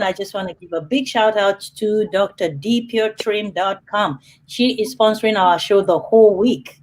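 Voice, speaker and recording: A woman's voice: on the high side, slight background noise, poor audio. A woman hosting a live online panel over a video call, chatty and upbeat. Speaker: host.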